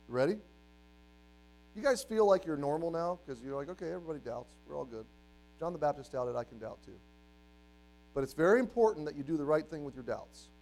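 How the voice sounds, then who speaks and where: Brief: high-voiced male preacher, forties, animated sermon delivery, faint mains hum behind. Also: rough recording. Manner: animated, acts out quoted voices, swings between loud and hushed. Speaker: youth pastor.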